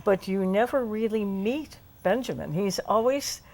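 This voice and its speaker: A woman's voice: medium pitch, measured pace, darkish tone. A woman guest in a casual book discussion, thoughtful and agreeable.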